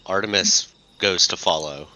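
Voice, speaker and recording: A man putting on a goofy, deep-voiced comic voice, drawn out and mumbled. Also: normal speed, pushed and bright, poor audio.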